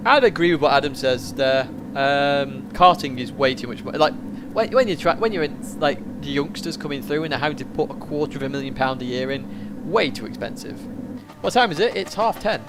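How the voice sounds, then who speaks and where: A man's voice: a little high, expressive, brisk. A man commentating live on his own sim race and chatting with viewers, with mumbled asides as he drives. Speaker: sim racing streamer. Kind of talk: live gameplay commentary, reading chat. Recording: racing game engine noise behind. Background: car engine sounds from the game.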